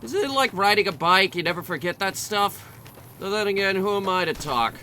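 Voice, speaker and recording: A man's voice: high voice, lively intonation, fairly quick, pushed and bright, slight background noise. A young man giving rambling, sarcastic, jokey commentary while he plays a video game. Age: young adult. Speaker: let's play commentator.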